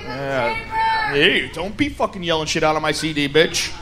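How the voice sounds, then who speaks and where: A man doing a stand-up comedy set, ranting loudly and profanely in a rowdy manner. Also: on the high side, big pitch swings, normal speed. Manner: rowdy, profane, shouting rants. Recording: live club with crowd and noise.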